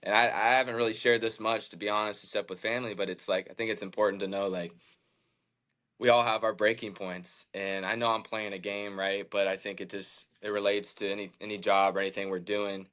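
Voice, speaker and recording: A man in his thirties, a podcast guest, telling a candid personal story in an earnest, halting way, with many fillers and restarts. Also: on the low side, flat delivery, a bit bright. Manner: emotional, reflective faith talk. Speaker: podcast guest, baseball pitcher.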